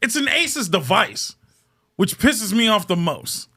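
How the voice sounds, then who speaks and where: A man's voice: high voice, very animated, measured pace, bright, forceful tone, breathy edge. A man hosting a comedy podcast, chatting loosely and ranting with profanity and jokes. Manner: loose, profane, joking rants. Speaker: podcast host. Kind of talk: casual comedic podcast chat.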